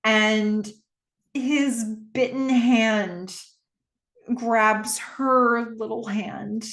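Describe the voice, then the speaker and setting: A woman's voice: on the high side, slow. A woman casually retelling a film's plot, chatty with lots of fillers and visibly moved. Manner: conversational with many fillers, emotional. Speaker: film recap host. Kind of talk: casual movie recap.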